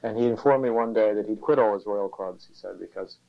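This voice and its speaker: An older man recalling weekend sailing trips in a casual, halting way. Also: fairly low pitch, gravelly. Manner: halting, hesitant storytelling. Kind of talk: casual reminiscing. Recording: dull lo-fi recording.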